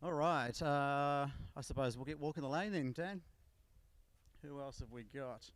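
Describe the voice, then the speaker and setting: A man's voice: a little high, measured pace, no echo. A man interviewing drivers at a racetrack, chatty and upbeat. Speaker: pit lane interviewer. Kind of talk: live event interviews. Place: outdoors at a racetrack.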